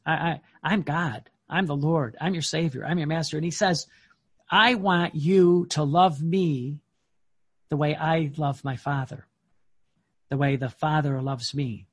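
A man preaching a sermon, reading devotional passages slowly and breaking into emphatic, excited commentary. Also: fairly high pitch, breathy edge. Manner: emphatic, swings from slow reading to excited outbursts.

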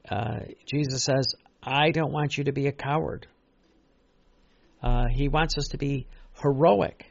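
A man's voice: medium pitch, creaky, dull audio. A man preaching a sermon in an earnest, repetitive way, stressing key phrases and often restarting.

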